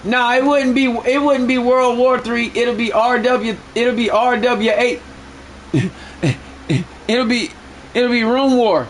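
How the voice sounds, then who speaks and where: A man live-streaming a game, bantering loudly with friends in profane slang. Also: very high-pitched, fairly even intonation, takes it slowly, a little hiss or hum.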